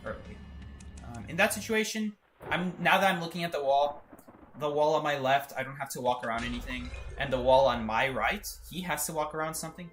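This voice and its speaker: A man's voice: fairly high pitch, fairly quick, a bit bright, faint music behind. A man streaming a video game, chatting casually and joking as he plays, laughing often. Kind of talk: casual live-stream gameplay commentary.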